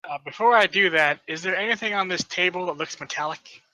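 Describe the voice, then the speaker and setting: Man, tabletop player, matter-of-fact, very bright tone, slightly high pitch. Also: fairly quick, dry recording, rough recording. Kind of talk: declaring character actions.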